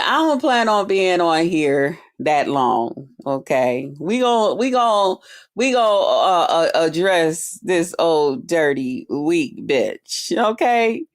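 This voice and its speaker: A woman hosting her own channel, ranting casually to subscribers in a profane, confrontational way. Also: fairly low pitch. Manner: profane, confrontational, drawn-out talk. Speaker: channel host. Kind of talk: casual vlog rant to subscribers.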